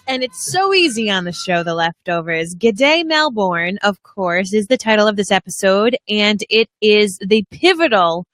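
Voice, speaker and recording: A young woman co-hosting a casual TV podcast, animated and jokey, hitting words for emphasis. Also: medium pitch, moderate pace, few pauses, dry recording. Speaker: podcast co-host. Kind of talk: casual chat on a live-streamed podcast.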